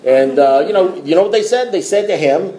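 A man's voice: sits high, expressive, brisk, mellow, echoey room, slight background noise. A middle-aged man speaking to a recovery meeting, telling a story in a rambling way with restarts and wry asides. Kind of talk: storytelling talk to a group.

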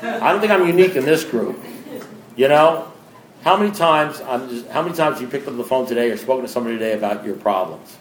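A man with a medium-pitched voice talks fast and with lively intonation to a recovery group. His informal talk is blunt and plain-spoken, often putting direct questions to the listeners, recorded in an echoey room with faint background noise.

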